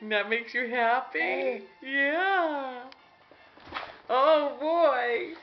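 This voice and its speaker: Woman cooing at her baby real slow, singsongy, muffled home video w music playing. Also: high voice. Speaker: mother talking to her baby.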